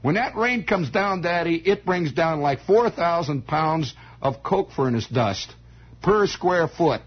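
A husky, breathy man hosts a radio show and spins a rambling, folksy story. His voice rises and falls in a lively way, and he chuckles between his many false starts. The sound is dull and lo-fi, like a vintage broadcast. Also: on the high side, slow pace. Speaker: radio host.

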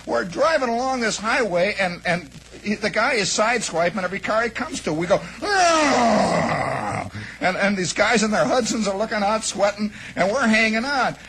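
High-voiced man telling a rambling tale. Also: fairly quick, hardly any pauses, slight background noise, rough recording. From American Midwest. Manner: animated, rambling, acts out shouts and quotes. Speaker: storyteller. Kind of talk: spoken anecdote, radio monologue.

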